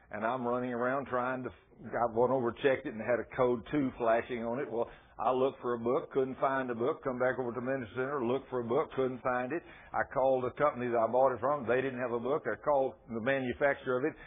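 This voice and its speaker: A man's voice: mid-range voice, slightly rough. A man preaching a sermon as a pastor, telling folksy stories from his own life. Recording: tinny phone-like sound.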